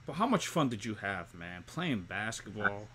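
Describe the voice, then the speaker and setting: A man's voice: lowish voice, big pitch swings, normal speed, crowd noise. A male host asking questions in a chummy, encouraging casual interview.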